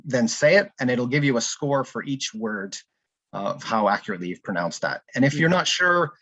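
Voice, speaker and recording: A man's voice: medium pitch, lively intonation, a little fast, fairly bright tone, dry recording. A man giving a casual online presentation of a learning app, thinking aloud with frequent ums and restarts. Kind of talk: live online conference presentation.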